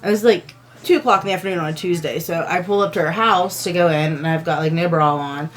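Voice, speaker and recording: Animated swearing woman telling a story. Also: fairly low pitch, fast talker. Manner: animated, swears freely, acts out quoted voices. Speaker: podcast co-host. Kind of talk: casual storytelling chat.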